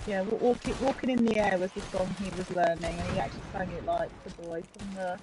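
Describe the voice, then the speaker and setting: A woman's voice: mid-range voice, normal speed, noisy background. A woman in casual chat, teasing and chatty.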